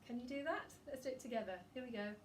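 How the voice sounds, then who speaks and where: Gentle woman leading a vocal warm-up. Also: high voice, expressive, fast, recorded from a distance, slight background noise. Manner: gentle, encouraging instructions. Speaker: singing teacher.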